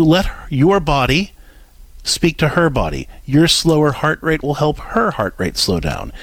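Guy on an advice show, super lively pitch, acts out kids and parents, dry studio sound. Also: vocal fry, dry recording. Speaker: radio show co-host, counselor. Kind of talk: advice talk to a caller.

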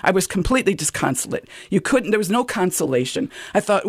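A woman guest telling a personal story on a talk show, animated and quoting herself often. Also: medium pitch, quick pace, slightly rough, no room sound, clean studio sound. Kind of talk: casual anecdote on talk radio.

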